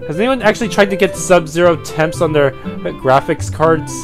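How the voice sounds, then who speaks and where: A man's voice: a little high, normal speed, over music. A man playing through a story game, tossing off chatty, offhand asides between the dialogue. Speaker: let's play commentator.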